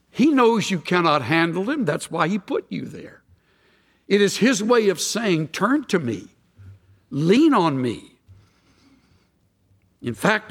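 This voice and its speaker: A man's voice: high voice, fairly bright tone, slightly rough, long reverb tail. A man pastor preaching a sermon, emphatic and full of rhetorical questions and wry asides.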